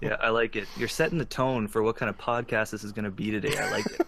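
A man's voice: fairly low pitch, steady tone, fast talker, gravelly, heavy background noise. A man co-hosting a casual gaming podcast, teasing his guest and laughing often. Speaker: podcast co-host.

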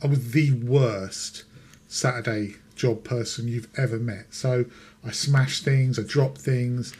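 A man's voice: mid-range voice, fairly even intonation, slow, darkish tone, breathy edge. A man co-hosting a podcast, chatting casually and rambling with hesitant starts before he gets into his story. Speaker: podcast co-host. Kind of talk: casual chat.

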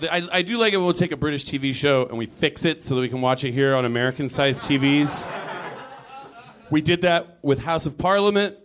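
A man doing a live stand-up set in a comedy club, rambling loosely and leaping into loud booming character voices. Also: slight background noise. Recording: live club recording with audience laughter. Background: audience laughing.

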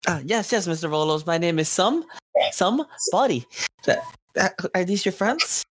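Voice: mid-range voice, expressive, normal speed, a bit bright. A player voicing a timid, polite young male adventurer in a tabletop game, stammering and hesitant.

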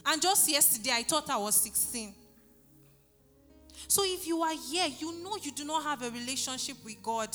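A woman's voice: high voice, lively intonation, normal speed, sharp tone, long reverb tail, soft background music. A woman, preaching a sermon and leading an altar call, pleading fervently and repeating her phrases. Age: 30s.

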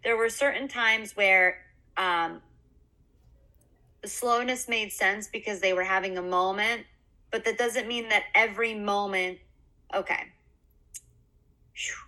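A woman's voice: medium pitch, fairly even intonation, measured pace, long pauses, sharp tone. A woman podcast co-host on a video call, talking through her opinions in a casual chat, thinking aloud with filler words and checking in with "right?". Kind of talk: casual chat, film review.

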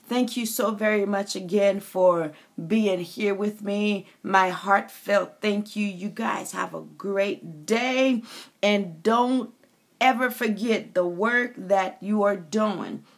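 Slow-talking gravelly woman from the Caribbean. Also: medium pitch. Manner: preachy, calls listeners honey and baby. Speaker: author and inspirational speaker. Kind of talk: faith-based motivational monologue.

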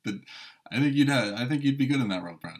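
A young man in casual podcast chat, speaking hesitantly with lots of pauses and restarts. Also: medium pitch, lively intonation. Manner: hesitant, many fillers and restarts. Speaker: podcast co-host.

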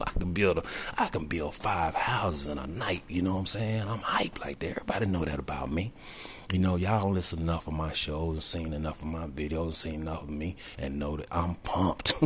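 A man's voice: very deep voice, a bit bright, a little hiss or hum. A middle-aged man talking earnestly and from the heart to his regular audience in a personal vlog, often saying "man" and sinking to a near whisper. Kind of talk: personal confessional monologue.

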